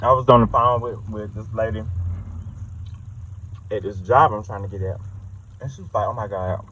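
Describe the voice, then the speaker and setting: A man's voice: lowish voice, normal speed, a little hiss or hum, rough recording. A man from South Carolina with a Southern accent, chatting casually and profanely in his car about life on the road. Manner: loose, profane, animated storytelling. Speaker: vlogger and delivery driver. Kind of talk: casual chat. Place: inside a car.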